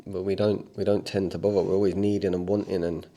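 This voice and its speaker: A man's voice: low voice, flat delivery, fast, warm tone, a little hiss or hum. A man, a coach giving a blunt, rambling, impassioned motivational talk, unscripted. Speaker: self-improvement coach.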